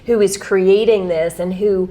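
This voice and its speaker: A woman's voice: mid-range voice, steady tone, a little slow, mellow. Woman host interviewing an author, supportive and conversational. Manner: encouraging, frequent short affirmations.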